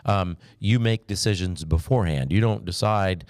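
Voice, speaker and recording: Male pastor, very low voice, relaxed conversational teaching, dry close mic. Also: normal speed, dry recording. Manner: relaxed, chatty, with restarts and light humor.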